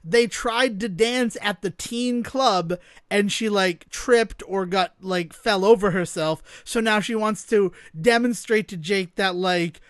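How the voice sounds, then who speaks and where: A podcast co-host chatting casually about a film, deadpan and wry, spinning joke theories and swearing for emphasis. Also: mid-range voice, slow, no room sound, studio quality. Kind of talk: casual film-review chat.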